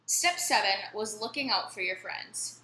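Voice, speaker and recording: A woman reads a picture book aloud to children in a friendly, lively way. Her voice is bright and forward, set in an echoey room with a faint hum of noise underneath. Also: medium pitch, a little slow. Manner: friendly, lively storyteller addressing kids. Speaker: children's story reader. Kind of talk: storytime read-aloud.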